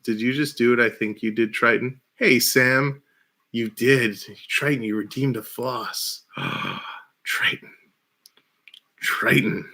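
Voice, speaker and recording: Guy on a headset doing a chill live stream, bright voice, keeps laughing and rambling on. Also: medium pitch. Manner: laughs often, rambling and enthusiastic. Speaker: livestream host. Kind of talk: casual live-stream chat. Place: small room at home.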